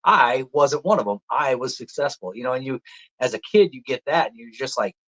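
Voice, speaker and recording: A man with a Minnesota accent, a guest on a podcast, telling hunting stories in casual, animated talk and swearing freely. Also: mid-range voice, fairly quick. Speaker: podcast guest, deer hunter. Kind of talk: casual storytelling chat. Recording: dull lo-fi audio.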